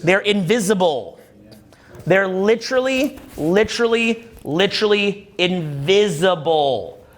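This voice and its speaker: A man in his forties, a dating coach, giving a live seminar talk from a stage in an animated, profane, conversational way that keeps checking in with "right?". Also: sits high, slow pace.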